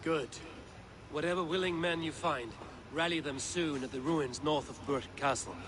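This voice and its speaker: A man's voice: a little high, moderate pace, noisy background, lightly acted. An actor playing a resolute male warrior in a medieval game, speaking in a firm, commanding way.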